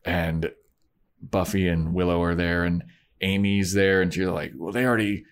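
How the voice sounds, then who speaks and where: A man's voice: unhurried, clean tone. A man in casual chat, recapping a TV episode and acting out the characters as he retells it. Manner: animated retelling, voicing characters with pitch jumps. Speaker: podcast co-host recapping a TV episode.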